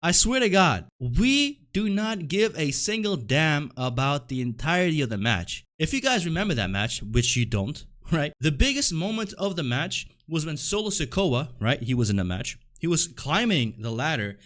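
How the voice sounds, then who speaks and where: A man's voice: on the high side, sing-song, moderate pace, few pauses, fairly bright tone. A young man ranting in a video commentary, heated and profane, peppering every sentence with "like" and "right?". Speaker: wrestling commentary YouTuber.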